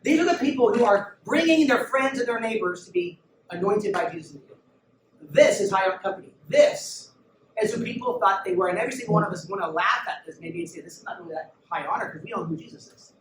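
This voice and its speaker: Emphatic youth pastor preaching in an echoey room. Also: male voice, high-pitched, fast. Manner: emphatic, urges listeners to look and listen. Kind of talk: sermon. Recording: echoey room, mic at a distance, background noise.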